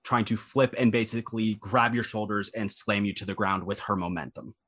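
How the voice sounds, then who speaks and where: A man narrating a tabletop role-playing game as game master in a relaxed, rambling way, often correcting himself mid-sentence. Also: lowish voice, a little fast. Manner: relaxed, rambling, with frequent ums and self-corrections.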